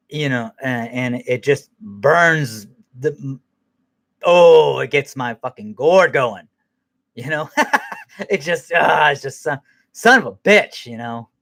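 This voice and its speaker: A man's voice: mid-range voice, fairly bright tone. A man hosting a podcast who rambles through an angry, profane rant and laughs at himself now and then. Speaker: podcast host.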